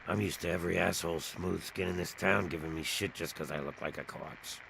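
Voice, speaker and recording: Casting: a low, gravelly ghoul bartender in a game, resigned and meek, steady hiss behind. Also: male voice, a little fast. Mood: humble. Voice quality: raspy, gravelly. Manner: humble, resigned. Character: weary male ghoul bartender, downtrodden and kind. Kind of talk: video game voice acting.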